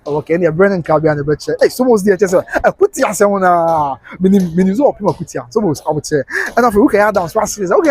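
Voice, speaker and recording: A man's voice: high-pitched, expressive, fast, a little mellow, breathy edge, dry recording. A man with a Ghanaian accent hosting a live stream, chatting in a casual mix of English and Twi, reading viewer comments and breaking into snatches of song. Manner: chatty, breaks into singing snatches, laughs often.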